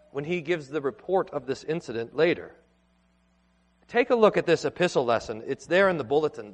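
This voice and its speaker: A man preaching a sermon in a church, earnest and emphatic, with pauses and restarts. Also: fairly high pitch. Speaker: pastor. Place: church sanctuary. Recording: long hall reverb.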